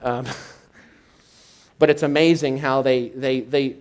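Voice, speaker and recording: A male minister giving a live sermon, swinging from hushed and intimate to loud and excited. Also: medium pitch, slow pace, smooth. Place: church service, live.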